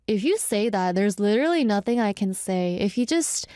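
A woman's voice: mid-range voice, expressive, moderate pace, warm tone, dry recording, studio quality. A woman hosting a casual talk show, chatting reflectively and often searching for the right words mid-sentence. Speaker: radio-style show host reading listener messages.

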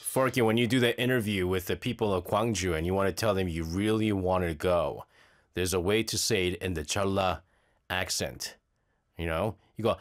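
A man's voice: lowish voice, normal speed. A man hosting a radio show, chatting playfully and laughing easily as he talks. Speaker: radio host. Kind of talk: casual radio chat.

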